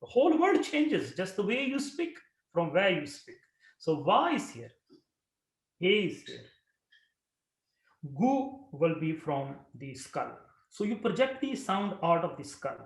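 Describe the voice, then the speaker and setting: A man teaching breathing and throat-center chanting, giving calm explanations between long, projected chanted syllables. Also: sits high, a little slow, roomy sound. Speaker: yoga and meditation teacher. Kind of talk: guided breathing and chanting instruction.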